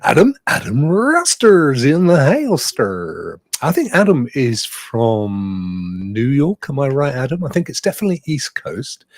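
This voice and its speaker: A man's voice: mid-range voice, big pitch swings, unhurried, few pauses, no room sound. A man hosting a casual online talk show, chatty and greeting the live chat viewers by name. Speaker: host.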